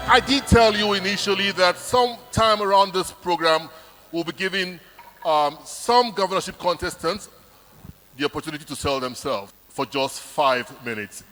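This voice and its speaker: A man emcees a live show with a high, bright voice and a cheerful tone, working the crowd. His voice echoes through a large hall. Music sits faintly underneath. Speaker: event host.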